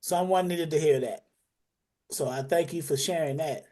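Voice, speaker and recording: A man's voice: a little high, normal speed, mellow. A man hosting a training talk, reassuring a guest after her story.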